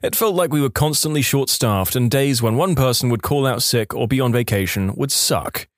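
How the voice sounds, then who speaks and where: A man's voice: medium pitch, normal speed, no echo, clean studio sound. A man narrating reader-submitted stories in a scripted storytelling delivery.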